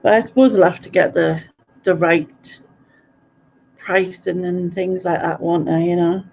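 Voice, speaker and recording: Gravelly, giggly woman. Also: on the low side, steady tone, unhurried, a little mellow, slight background noise. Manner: chatty and giggly, stumbles over place names. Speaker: live-stream host. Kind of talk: casual live-stream chat reading viewer comments. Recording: dull lo-fi audio.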